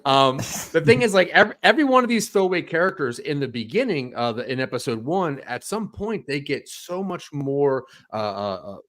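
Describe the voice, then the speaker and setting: A man's voice: on the high side, big pitch swings, moderate pace, few pauses, fairly bright tone. Guy gushing about tv shows on a podcast, lots of uhs and likes. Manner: enthusiastic, rambling with fillers and restarts. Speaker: podcast guest reviewing TV. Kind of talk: casual podcast chat.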